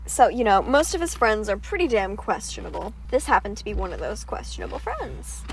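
A woman's voice: on the high side, very animated, brisk, background noise. A young woman hosting a podcast, telling a story in casual chat, laid-back and swearing freely. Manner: laid-back, swears freely, quotes people in put-on voices. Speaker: podcast host.

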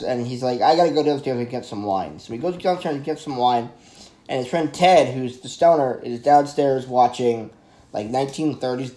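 A man reviewing a horror film in a casual, excitable, rambling way, often stumbling over his words and correcting himself. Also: medium pitch.

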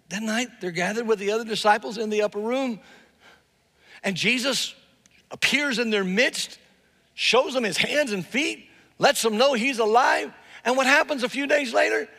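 A man's voice: sits high, animated, moderate pace, vocal fry, pushed and bright. A male pastor telling a story in a sermon, often repeating words for emphasis and acting out the people he quotes. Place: church hall with live and online audience. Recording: long reverb in a large hall, faint music.

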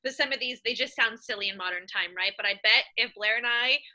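A woman's voice: on the high side, a little fast, sharp tone. A woman co-hosting a podcast, chatting casually and joking, with frequent filler words. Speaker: podcast co-host. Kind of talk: casual chat.

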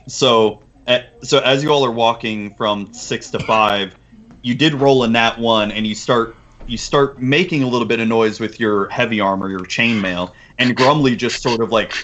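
A man's voice: on the low side, a bit bright, highs cut off. A man narrating as game master of a tabletop game, chatty, with stumbling restarts.

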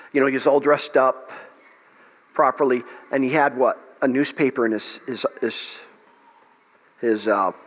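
A man's voice: mid-range voice, a bit bright. A man pastor leading a revival meeting, praying aloud and preaching with passion, often restarting his phrases. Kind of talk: revival meeting sermon and prayer. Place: church meeting hall. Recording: long hall reverb.

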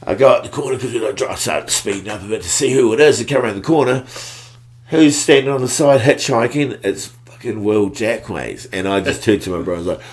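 Deep-voiced laid-back New man. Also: fast. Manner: laid-back slangy storyteller, bursts of excitement. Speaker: guest. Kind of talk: casual storytelling.

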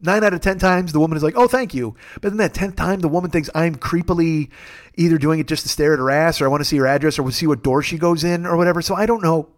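Male host, rapid wry delivery, curse-heavy rambling monologue, a touch high. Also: fairly even intonation. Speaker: podcast host. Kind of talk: casual comic monologue.

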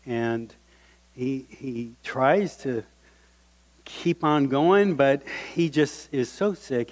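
A man preaching as a guest speaker, telling a story with animated voices for the people in it. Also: medium pitch. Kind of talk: sermon storytelling. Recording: reverberant hall.

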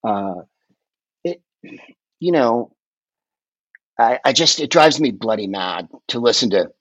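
A podcast guest in casual chat, he rambles from one story to the next with animated, profane energy. His voice sits at an ordinary middle pitch. The recording is dry and a little dull and lo-fi. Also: normal speed, long pauses, dry recording.

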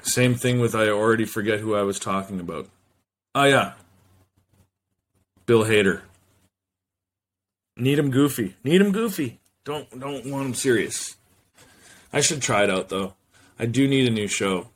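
A man's voice: lowish voice, normal speed, pauses often, fairly bright tone. A man hosting a solo podcast, rambling loosely from one thought to the next and swearing freely. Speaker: podcast host.

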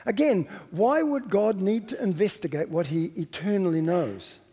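A man's voice: high-pitched, moderate pace, mellow, breathy edge, in a large hall. A man preaching a sermon as a pastor, reflective and questioning, sometimes stopping to correct himself.

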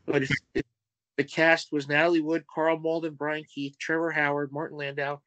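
A man guesting on a film podcast, talking deliberately and reeling off cast names and film facts. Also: on the high side, little pitch movement, fairly bright tone, no room sound, poor audio. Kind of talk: casual film chat.

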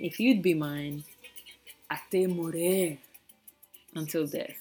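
A woman, a native English speaker, teaching phrases in a casual, playful lesson and repeating words slowly for learners. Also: low voice, darkish tone, faint music behind. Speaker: language teacher.

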